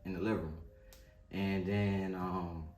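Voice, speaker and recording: A man co-hosting a vlog, talking in a relaxed, low-key, casual way. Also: a little slow. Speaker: vlog co-host. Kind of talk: casual chat. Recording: roomy sound with faint music.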